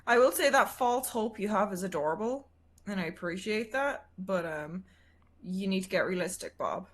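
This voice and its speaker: A woman's voice: mid-range voice, lively intonation, normal speed, a bit bright. A woman streamer chatting casually as a guest, teasing and sarcastic. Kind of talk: casual livestream chat.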